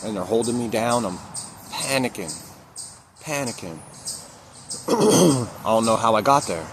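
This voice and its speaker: A man's voice: lowish voice, lively intonation, a little slow, noisy background. A man candidly telling a personal story to camera, repeating phrases for emphasis and swearing now and then. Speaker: recovery vlogger.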